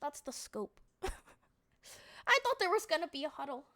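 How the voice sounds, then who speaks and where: High, bright, animated young woman. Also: normal speed. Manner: animated storytelling, laughing, swearing, mock outrage. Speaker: streamer. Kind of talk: casual stream recap chat.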